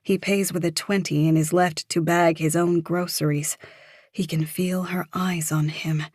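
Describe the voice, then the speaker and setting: A woman with a very low voice reads a psychological thriller audiobook in a steady, measured way. The recording is dry and close, with no room sound. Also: no room sound. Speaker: audiobook narrator. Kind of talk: scripted thriller narration.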